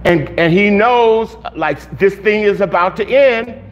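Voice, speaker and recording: A man with a high voice preaches a sermon in an unhurried, drawn-out way. He talks conversationally, often restarting and repeating his phrases. The recording sounds dull and lo-fi. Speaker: pastor.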